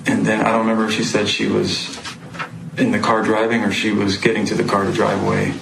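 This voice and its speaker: A man testifying as a witness in court, speaking haltingly with many pauses and fillers. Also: on the low side, completely flat delivery, creaky. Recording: echoey noisy courtroom audio.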